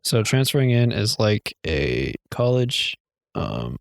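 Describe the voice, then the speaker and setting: A young man co-hosting a podcast in casual chat, rambling and swearing, mocking himself and breaking into shrill impressions. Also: sing-song, slow pace, vocal fry, dry recording, clean studio sound. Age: young adult. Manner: rambling, profane, self-mocking. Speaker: podcast co-host.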